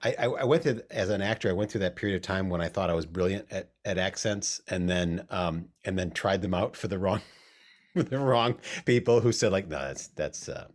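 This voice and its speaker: A man hosting a conversation, asking questions in a halting, roundabout way. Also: low-pitched. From United States. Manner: hesitant, halting, circles around his questions. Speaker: podcast host. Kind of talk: casual interview conversation.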